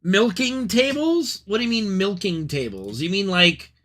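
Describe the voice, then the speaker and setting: A man chats with his live-stream audience in an unhurried, swinging voice, riffing on whatever comes up. His tone is high and very bright, and he curses freely and breaks into sudden loud outbursts. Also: big pitch swings. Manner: profane, loud outbursts and laughing asides to chat. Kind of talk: casual live-stream chat.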